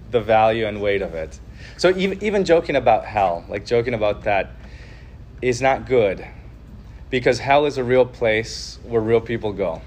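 A man with a medium-pitched voice hosts a podcast, teaching earnestly but casually on the Ten Commandments with many fillers and restarts. There is slight background noise.

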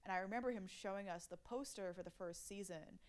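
A woman's voice: medium pitch, a little fast. Young woman guest, casual and talkative, filler-heavy, easy laugh. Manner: chatty, laughs often, many fillers. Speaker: storyboard artist guest. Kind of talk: casual interview chat.

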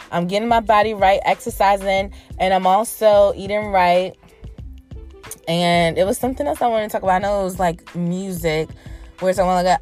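Woman podcast host, brash and profane, solo talk with faint music behind. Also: medium pitch. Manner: brash, profane and animated, talking straight to listeners. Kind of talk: casual solo podcast chat.

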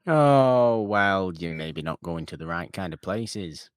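A man with a very deep voice hosting a casual film podcast, his pitch swinging animatedly as he talks. He is wry and teasing, recorded dry and close to the mic. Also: expressive, slow, smooth, no room sound. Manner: wry, mock-posh teasing, talkative.

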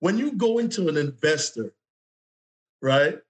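A man from Jamaica co-hosting an interview, asking questions in an animated, casual way. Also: on the high side, a little slow, rough recording. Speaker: co-host.

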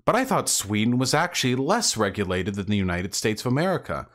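A man with a somewhat low voice hosts a reaction commentary, picking apart clips. His delivery is sarcastic and mocking, full of dry asides. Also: big pitch swings, fairly quick, a bit bright. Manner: sarcastic, rebutting. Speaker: commentary video host.

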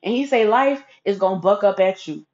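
A woman's voice: medium pitch, lively intonation, brisk, a little mellow. A woman casually telling a personal story, chatty and profane, with asides to her listeners. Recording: dull lo-fi recording.

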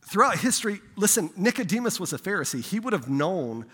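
A man preaching as a pastor, telling a lively personal story in a sermon, growing loud and excited. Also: sits high, fairly quick, slightly rough, big-room sound. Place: church sanctuary.

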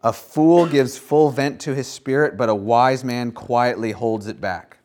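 A man preaching a sermon in a conversational way, pausing on fillers and restarting his phrases as he reads and explains scripture. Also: medium pitch, darkish tone. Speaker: pastor.

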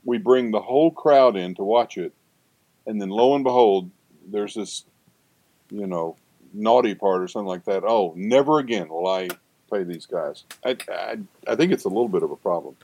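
A man's voice: lowish voice, normal speed, mellow, highs cut off. An older man, a seminary professor, talking in a rambling conversational interview with frequent restarts and asides.

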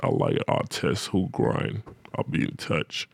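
A man voicing a smooth, deep-voiced male big spender who talks slow, low and calm. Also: no room sound, full character voice.

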